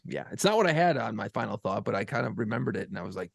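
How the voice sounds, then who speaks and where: Podcast co-host, male, gravelly, lively delivery, dry studio sound. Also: fairly low pitch, very fast, dry recording. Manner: animated profane storytelling, acts out other voices. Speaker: podcast co-host and radio program director. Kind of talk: casual storytelling banter.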